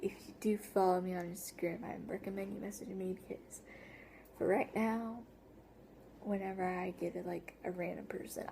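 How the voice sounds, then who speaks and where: A teenage girl rambles through a casual story-time vlog, filling it with fillers and frequently dropping to a whisper. Her mid-range voice has a dark tone and vocal fry, and there's slight background noise.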